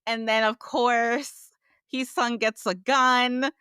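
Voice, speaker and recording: A woman co-hosting a casual review podcast, animated and acting out characters' lines as she retells scenes. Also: fairly high pitch, takes it slowly, clear, resonant tone, dry recording, clean studio sound. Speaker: podcast co-host.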